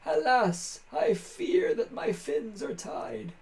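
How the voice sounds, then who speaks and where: A man's voice: high-pitched, expressive, darkish tone, a little hiss or hum, pitched above the performer's own voice, heavily acted, poor audio. A man voicing an old male fish-folk scholar from a game, formal and wordy, reading the dialogue aloud. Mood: earnest. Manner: grand, formal reading with drawn-out musings.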